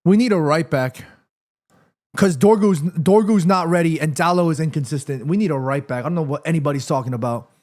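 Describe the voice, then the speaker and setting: A young man hosting a live football watchalong, reacting excitedly to the match, pleading with the referee and swearing freely. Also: on the high side, fairly quick.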